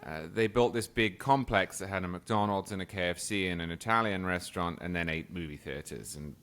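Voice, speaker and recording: A podcast guest from England, with a posh English accent and a low, somewhat bright voice, talks fairly quickly. He chats casually and tells stories, laughing often throughout the conversation.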